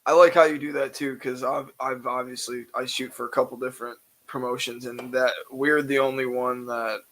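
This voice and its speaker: A man's voice: medium pitch, little pitch movement, moderate pace, fairly bright tone, low-quality recording. A man who shoots for wrestling shows, chatting casually as a podcast guest. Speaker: podcast guest, camera operator. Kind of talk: casual chat.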